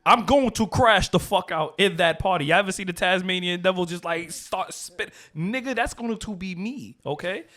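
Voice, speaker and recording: A man with a fairly high voice, talking loosely on a podcast. He jokes loudly and animatedly, with quick bursts of slang. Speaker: podcast co-host. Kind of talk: casual chat.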